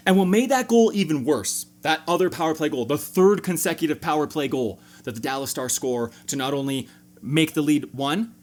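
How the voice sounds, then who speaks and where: Excitable man breaking down a game. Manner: animated, jokey, with sudden jumps in pitch. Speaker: sports fan video host. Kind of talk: fan reaction breakdown.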